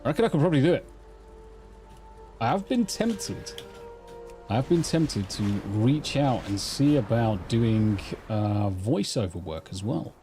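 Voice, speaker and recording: A man's voice: medium pitch, big pitch swings, measured pace, dark tone, faint music behind. A middle-aged Englishman with an English accent, chatting casually and rambling with swearing while he live-streams a game on a studio mic. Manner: rambling, sweary, self-deprecating banter. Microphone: studio mic through a mixing console.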